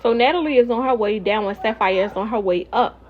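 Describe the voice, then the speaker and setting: A woman casually recapping a reality show, animated and opinionated, talking straight to her viewers. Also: fairly high pitch, fairly quick, dull audio, a little hiss or hum.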